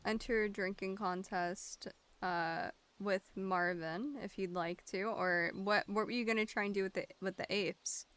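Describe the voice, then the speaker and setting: A young woman running a tabletop game as dungeon master, playful and quick with her questions, laughing often. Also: mid-range voice, fairly even intonation, a bit bright, smooth.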